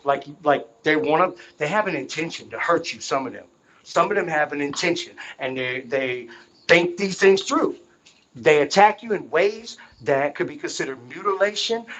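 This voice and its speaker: A man's voice: fairly high pitch, fairly bright tone, low-quality recording. A man talking in an unscripted monologue, emphatic and insistent, often repeating himself to drive a point home. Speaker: vlogger.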